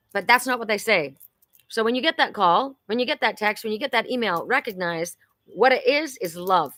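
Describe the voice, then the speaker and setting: A woman's voice: medium pitch, expressive, normal speed, a bit bright, no room sound. A woman hosting a live-streamed oracle card reading, chatty and exclamatory, talking straight to her viewers. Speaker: psychic card reader and host. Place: home in Sedona.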